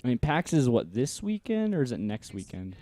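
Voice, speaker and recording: A man's voice: medium pitch, big pitch swings, brisk, dark tone. A man on a casual podcast, easygoing and laughing along.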